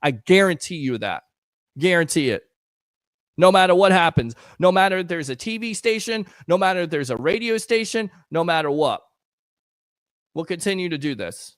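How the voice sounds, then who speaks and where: A man's voice: sits high, animated, moderate pace, a bit bright, dry recording, studio quality. A man hosting a live sports talk stream, talking in an earnest, emotional, rambling way while hyping up his audience. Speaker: sports talk show host.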